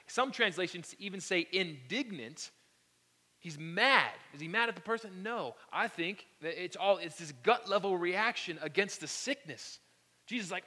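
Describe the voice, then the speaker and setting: Bright-voiced preacher in a big hall. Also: male voice, high voice, moderate pace. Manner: animated storytelling that drops to soft whispers. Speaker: pastor. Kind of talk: sermon. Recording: long echo of a large hall.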